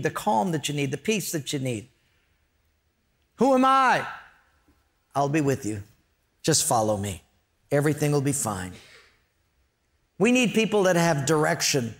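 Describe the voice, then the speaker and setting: Man preaching, fairly high voice, storytelling, humorous and earnest. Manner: storytelling, joking, then earnest and emphatic. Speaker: pastor. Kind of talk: sermon.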